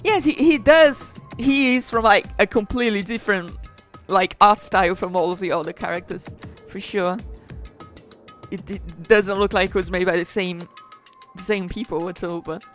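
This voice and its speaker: A woman's voice: mid-range voice, fairly even intonation, normal speed, soft background music. A woman streaming a video game, reading its dialogue aloud and chatting casually between lines, laughing often.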